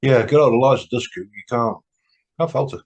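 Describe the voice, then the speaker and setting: A man's voice: mid-range voice, brisk, breathy edge. A man co-hosting a podcast, giving short wry replies in casual chat. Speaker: podcast co-host.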